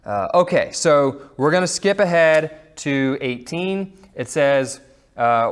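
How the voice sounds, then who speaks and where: A man teaching a Sunday school class, reading scripture aloud and chatting in a relaxed way with fillers and asides. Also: mid-range voice, unhurried. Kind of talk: casual Bible lesson with reading aloud.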